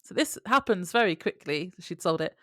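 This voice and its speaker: A woman's voice: lowish voice, expressive, moderate pace, no echo, clean studio sound. A woman, co-hosting a podcast and chatting casually while recapping a TV episode, laughing often. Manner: chatty, laughs often, reads out her own notes. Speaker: podcast co-host.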